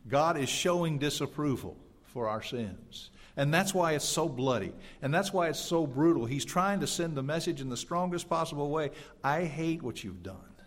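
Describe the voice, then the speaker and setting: A man preaching a sermon, shifting between loud emphatic passages and hushed ones, asking the congregation rhetorical questions. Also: on the high side, normal speed, few pauses. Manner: dynamic, swings from loud emphatic to quiet and hushed. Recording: long reverb of a church hall.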